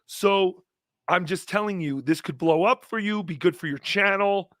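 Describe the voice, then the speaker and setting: A man's voice: high-pitched, normal speed, a bit bright, no room sound. A man voicing a male puppet guest on a livestream, blunt and matter-of-fact. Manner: blunt, dry advice-giving. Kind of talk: livestream chat.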